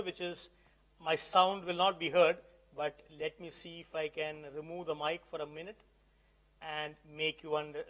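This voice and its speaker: A man's voice: a little high, a bit bright. A man presenting a live tech demonstration at an event, talking conversationally and often checking that the audience follows. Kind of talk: live tech demo talk. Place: event hall.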